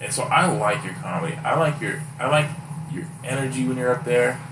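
A man chatting as a podcast host, animated and quick to laugh, acting out other people's lines in a raised voice. He sounds far from the mic in an echoey room with steady noise behind him. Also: medium pitch. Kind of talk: casual chat and storytelling. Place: house, indoors.

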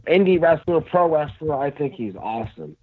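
A man's voice: a little high, very animated. Man with a tinny phone-line sound. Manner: rambling, halting, filler-heavy. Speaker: pro wrestler guest. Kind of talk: casual podcast chat.

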